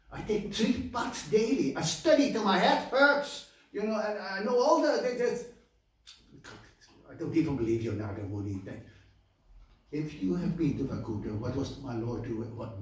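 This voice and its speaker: A man's voice: mid-range voice, a little fast, mellow, lightly acted. A man voicing a proud, indignant male Brahmin scholar who blusters and scoffs, heard from far off in an echoey hall. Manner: blustering, scornful.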